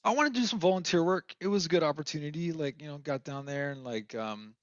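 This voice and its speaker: A man's voice: a little high, fast, no room sound, highs cut off. A man from Minnesota, a guest on a casual podcast, talking candidly and rambling with lots of fillers.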